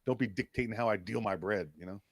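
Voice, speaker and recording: A man's voice: lowish voice, fast, no echo, clean studio sound. A young man with a New York accent, co-hosting a casual political podcast, often repeating words as he starts. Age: young adult. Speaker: podcast co-host.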